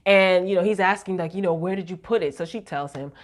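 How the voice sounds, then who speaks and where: A woman, casually recapping a TV drama episode in a chatty, animated way with slang. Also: fairly low pitch, fast talker. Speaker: recap vlogger.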